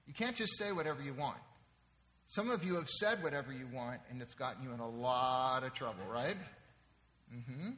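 A pastor with a medium-pitched, sharp voice delivers a conversational sermon, frequently checking in with his congregation. Long reverb fills the large hall.

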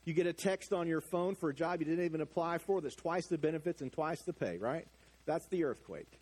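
A middle-aged man preaching a sermon, animated, swinging from hushed asides to loud emphatic lines. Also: on the high side, fairly quick. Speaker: pastor.

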